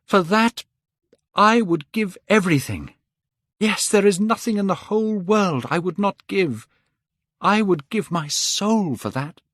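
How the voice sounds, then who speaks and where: Man voicing a desperate, vain young beauty for a storybook reading, pitched up, lively. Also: measured pace, no room sound, studio quality. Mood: despairing. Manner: anguished, pleading.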